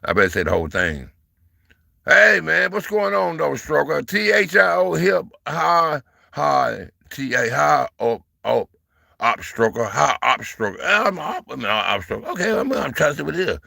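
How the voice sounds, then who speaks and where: Gravelly sixty-something man hyping his livestream. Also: fairly high pitch, sing-song, moderate pace, dry recording, clean studio sound. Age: 60s. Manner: folksy preacher-like encouragement, calls viewers baby and brother; playful, gets loud and fired up with viewers. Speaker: livestream host. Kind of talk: casual live-stream chat with viewers.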